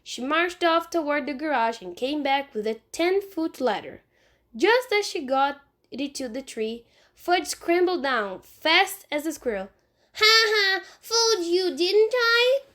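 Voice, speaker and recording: A woman, a teacher, reading a children's novel aloud in clear, unhurried storytelling. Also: sits high, lively intonation, fairly bright tone.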